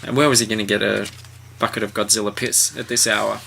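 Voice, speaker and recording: A man's voice: on the low side, little pitch movement, fairly quick, creaky, sharp tone, slight background noise. A man hosting a casual podcast, recapping a book in a wry, mocking way. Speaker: podcast host.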